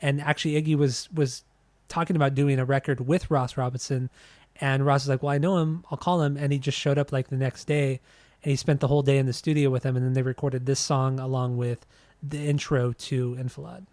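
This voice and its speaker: A man's voice: medium pitch, little pitch movement, fairly quick, a little mellow, no room sound. Rambling young man on a podcast. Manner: rambling, many restarts, casual swearing. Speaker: podcast co-host. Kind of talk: casual music review chat.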